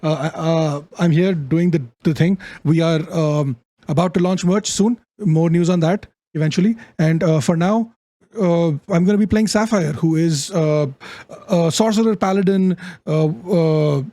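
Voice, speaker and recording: A man's voice: fairly high pitch, unhurried, dark tone, dry recording. A man in his late twenties with a voice that keeps cracking, introducing himself as a player in a bubbly, self-deprecating way with casual swearing. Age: 20s. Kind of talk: casual chat.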